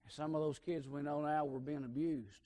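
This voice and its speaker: A man preaching a sermon, telling a folksy story and swinging between hushed and loud emphasis. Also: a little high, fairly even intonation, a little fast.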